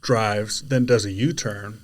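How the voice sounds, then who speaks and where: Lower-pitched man, chatty guest, lively storyteller who belts out quoted dialogue. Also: takes it slowly. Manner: animated storyteller, shouts out quoted lines. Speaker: podcast guest, delivery driver. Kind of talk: casual storytelling chat.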